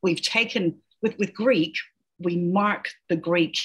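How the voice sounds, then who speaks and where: Husky, chatty woman linguist guest. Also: on the low side, takes it slowly. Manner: chatty, laughs often, tags "right?". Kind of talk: casual interview chat.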